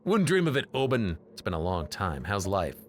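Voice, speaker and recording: A man's voice: on the low side, huge pitch swings, normal speed, slight background noise. A man reading as a nervous slug alien. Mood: sheepish. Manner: hesitant and apologetic.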